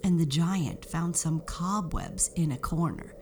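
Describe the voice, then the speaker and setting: A woman reading a children's story aloud in a slow, expressive storytelling manner. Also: on the low side, slight background noise.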